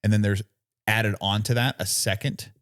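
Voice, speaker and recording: A man's voice: fairly low pitch, fairly even intonation, normal speed, fairly bright tone, no echo, clean studio sound. A man co-hosting a casual podcast, explaining things at length while searching for words, often asking "you know what I mean". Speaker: podcast co-host. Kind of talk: casual chat.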